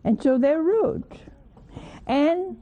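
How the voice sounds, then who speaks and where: A woman's voice: high voice, expressive, drawn-out words, warm tone. A woman giving a conversational sermon who keeps asking her listeners questions and teases them with dry humor. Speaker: religious teacher. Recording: narrow phone-like sound.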